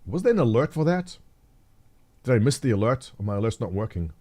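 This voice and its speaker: A middle-aged livestream host chats jokily with viewers in a medium-pitched, sing-song voice that's brisk and mellow. He rambles, thinks aloud, and reads from the chat.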